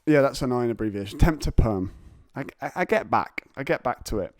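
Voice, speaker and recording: An English man hosts a solo podcast from his couch, digressing freely and poking fun at himself. His voice is mellow and mid-pitched. The sound is close and dry. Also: expressive, brisk, no room sound. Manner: rambling, digressive, self-mocking. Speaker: podcast host. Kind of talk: casual solo podcast monologue. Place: home, on a couch.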